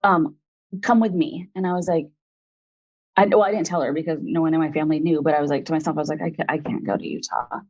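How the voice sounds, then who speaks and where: A woman's voice: low voice, fairly even intonation, fast talker, darkish tone, lo-fi sound. A woman in her forties, an interview guest, telling a personal story in a rambling, frank way full of fillers.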